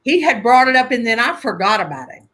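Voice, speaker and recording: A woman telling family stories in a casual conversation, animated and laughing often as she acts out voices. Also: on the high side, fast. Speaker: guest conjure teacher.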